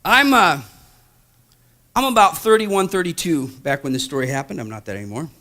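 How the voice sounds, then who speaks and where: A male pastor telling a story from the pulpit in a high, bright voice. He swings from hushed, slow passages to loud, animated ones. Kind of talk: storytelling sermon.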